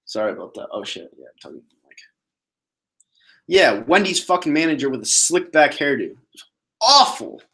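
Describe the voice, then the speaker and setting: A man's voice: fairly high pitch, normal speed, pauses often. A man hosting a casual solo sports podcast, talking bluntly and swearing as he answers viewer questions. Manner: blunt, profane, animated ranting.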